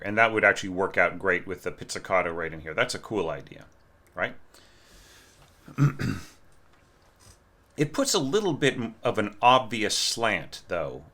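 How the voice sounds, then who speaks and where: Low, bright-toned man critiquing scores. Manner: frequent "right?" tag questions, hesitant restarts, sings phrases. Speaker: orchestration teacher reviewing student scores. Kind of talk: casual spoken score critique.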